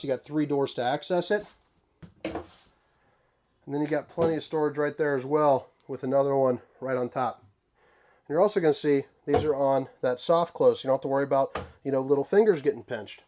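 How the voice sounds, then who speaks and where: Folksy man giving a casual RV tour. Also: fairly high pitch. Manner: folksy, joking, relaxed slang. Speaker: RV tour host. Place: inside an RV.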